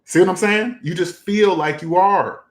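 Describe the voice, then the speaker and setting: A man's voice: sits high, moderate pace, reverberant. A man hosting a personal finance talk, speaking emphatically, repeating catchphrases and firing off rhetorical questions. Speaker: personal finance channel host. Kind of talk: casual direct-to-camera talk.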